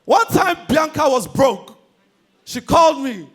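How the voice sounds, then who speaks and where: A Nigerian man performing stand-up, his voice sitting high and leaping around constantly as he tells his jokes. He is energetic and loud, and he shouts out his punchlines. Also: unhurried. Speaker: stand-up comedian.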